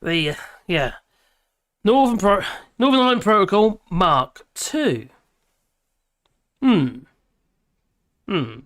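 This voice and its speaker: Tired lady rambling on her livestream, grumbly, mid pitch, dry sound. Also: very animated, slow pace, pauses often, no echo. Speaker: live streamer reading chat comments. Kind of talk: casual live-stream chat.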